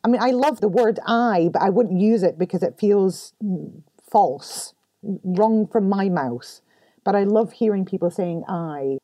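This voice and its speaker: Warm-voiced woman, lightly Scottish-tinged. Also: mid-range voice, unhurried, no room sound. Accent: American-tinged English with a light Scottish touch. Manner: candid and expressive, laughs often. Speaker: podcast guest. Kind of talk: casual interview talk. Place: home room.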